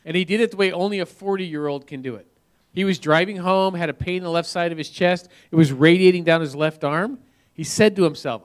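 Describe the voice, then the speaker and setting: A man's voice: high-pitched, a little fast. A man in his fifties speaking to an audience as a marriage speaker, earnest and often repeating words as he goes. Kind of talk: talk to an audience.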